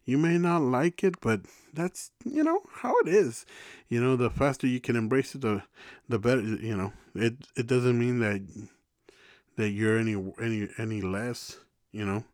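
A man's voice: medium pitch, lively intonation, moderate pace, darkish tone, no room sound, clean studio sound. A man talking reflectively in a casual podcast conversation, rambling with many restarts. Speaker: podcast co-host.

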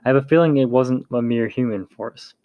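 A man's voice: mid-range voice, fairly quick, no echo, highs cut off, close to an everyday voice. Man voicing a grave, lecturing uncle. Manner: serious, lecturing.

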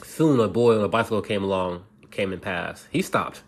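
A man casually reading a bedtime story aloud, halting and restarting often and laughing at himself along the way. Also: fairly low pitch.

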